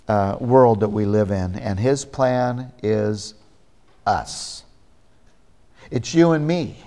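A pastor preaching a sermon, a man who speaks slowly and deliberately, pausing for emphasis. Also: mid-range voice, darkish tone.

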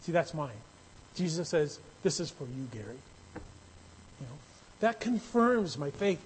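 Conversational preacher, slow and emphatic. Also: male voice, a little high, sing-song, slight background noise, low-quality recording. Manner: conversational, rising to emphatic bursts. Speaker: pastor. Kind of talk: sermon.

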